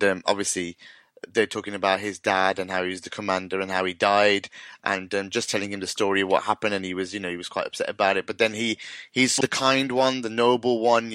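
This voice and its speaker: A man's voice: fairly low pitch, a bit bright, clear, resonant tone, no echo. A man hosting a podcast, chatting animatedly, laughing and swearing freely. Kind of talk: casual chat.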